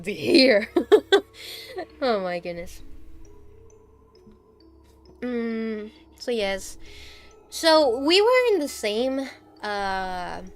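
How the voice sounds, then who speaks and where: A woman in her twenties chatting casually on her stream, telling a story with lots of giggles and excited exclamations. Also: fairly high pitch. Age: 20s. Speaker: VTuber streamer.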